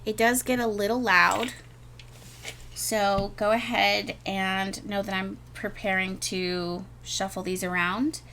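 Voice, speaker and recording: Woman tarot reader, middle pitch, rambling gushy delivery, faint room hiss behind. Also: little pitch movement, slow, bright, forceful tone. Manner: rambling, gushing, repeats words, many fillers. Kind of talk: casual spoken tarot reading.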